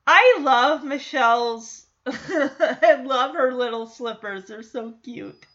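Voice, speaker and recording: A woman's voice: sits high, slow pace, a bit bright, highs cut off. A woman casually recapping a sitcom episode, chatty, laughing often and quoting the characters.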